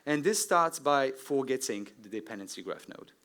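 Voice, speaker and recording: A man's voice: medium pitch, lively intonation, normal speed, fairly bright tone. A man in his thirties from France with a French accent, giving a technical conference talk in a friendly way, often asking "right?". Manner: friendly, lots of "right?" and "um" asides. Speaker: conference speaker. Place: conference stage before an audience.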